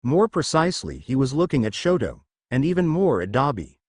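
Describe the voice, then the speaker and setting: A man reads a story aloud in a mid-pitched voice that rises and falls a lot. The recording is close and dry, with no room sound around him. His delivery stays steady, like a storybook narration. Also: fairly quick, no echo. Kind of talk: fan fiction reading.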